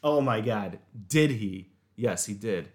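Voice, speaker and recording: A man hosting a casual chat, telling stories in a rambling, animated way. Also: on the low side, slow pace, background noise. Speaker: podcast host. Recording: echoey room.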